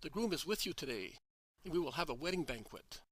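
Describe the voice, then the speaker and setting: A man reading the part of a gentle, kindly male religious teacher, calm and reassuring. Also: on the high side, fast, husky, no echo, full character voice.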